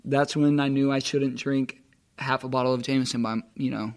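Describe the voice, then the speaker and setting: A man's voice: mid-range voice, steady tone, moderate pace, a little mellow. A man, a guest on a podcast, telling rambling stories in casual chat with many fillers. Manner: rambling storyteller, many likes. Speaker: guest musician.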